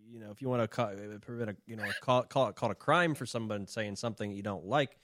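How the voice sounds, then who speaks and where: Male podcast co-host, low voice, rambling and crude, close dry mic. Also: fast, a bit bright, dry recording. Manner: rambling, profane, restarts often. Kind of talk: casual podcast banter.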